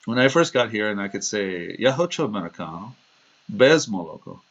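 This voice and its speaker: A man's voice: lowish voice, sing-song, fairly quick. A man hosting a livestream, chatting casually and wandering from one story to the next, laughing at himself. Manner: chatty, digressive, laughs at himself, acts out quoted voices. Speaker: livestream host. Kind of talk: casual rambling livestream talk. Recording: dull lo-fi stream audio.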